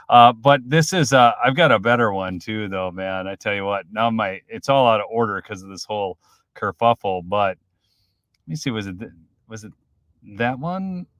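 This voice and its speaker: Excitable male livestream commentator, dry sound. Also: lowish voice, smooth, no echo. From Minnesota. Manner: excitable, swings from loud outbursts to mutters. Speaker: political commentary streamer. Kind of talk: live-stream commentary.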